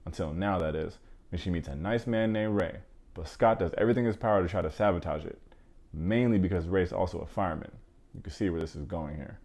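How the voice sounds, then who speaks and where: Male movie reviewer, deep voice, rapid slangy casual delivery. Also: a little mellow. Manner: casual, slangy, joking asides.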